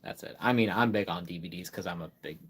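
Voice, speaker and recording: A man's voice: low-pitched, fast, a little hiss or hum. A man hosting a casual live stream, reading a product card aloud and chatting with viewers, full of fillers and restarts. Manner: chats directly with viewers in chat.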